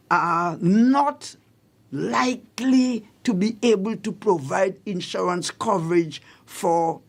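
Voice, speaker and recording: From a radio studio, a male talk show host offers emphatic commentary on public affairs, repeating his key points for listeners. His voice is high-pitched and gravelly.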